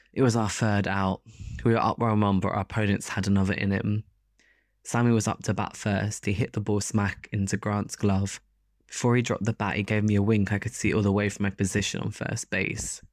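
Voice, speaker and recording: A man narrating a first-person story as an audiobook in a steady, even delivery. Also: fairly low pitch, dry recording, studio quality.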